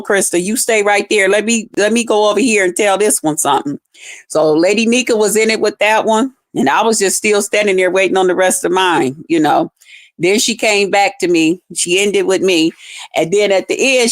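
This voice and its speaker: A woman hosting a livestream, ranting bluntly and profanely at her chat in a casual, fired-up way. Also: mid-range voice. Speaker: livestream host.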